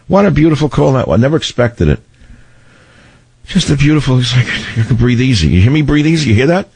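A middle-aged man with a baritone voice, hosting a talk radio show in a combative, rambling way. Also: sing-song, fairly quick, vocal fry, darkish tone, slightly rough, dry recording. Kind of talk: opinionated talk radio monologue. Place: radio studio. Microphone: studio microphone.

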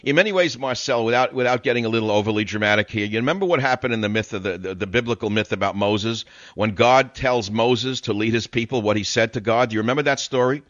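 An older man hosts a radio call-in show in an insistent, sermon-like way, stacking repeated phrases to hammer his point home. His voice sits at an ordinary male pitch. It is recorded dry and close, with a slightly dull tone. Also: fast, hardly any pauses, a bit bright, no room sound. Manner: emphatic, preachy, repeats phrases for effect. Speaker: radio talk show host. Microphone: studio broadcast mic.

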